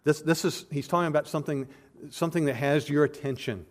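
A man's voice: a little high, fairly even intonation, fast talker. Earnest male preacher, emphatic delivery. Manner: earnest, emphatic, repeats and restarts words. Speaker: pastor. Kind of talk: expository sermon.

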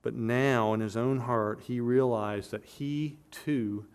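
A man's voice: medium pitch, steady tone, slow, clear, resonant tone. A man preaching an expository sermon, earnest and emphatic, often restarting and repeating words as he builds to a point. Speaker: pastor.

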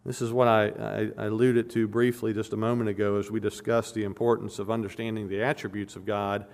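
A man's voice: on the low side, level tone, fairly quick, a little mellow. A man preaching an expository sermon, emphatic and repeating phrases to stress his points.

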